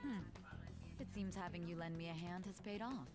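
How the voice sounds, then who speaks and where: A woman's voice: on the low side, normal speed, over loud music, close to an everyday voice. A woman voicing a cool, stern prosecutor in a video game, curt and businesslike.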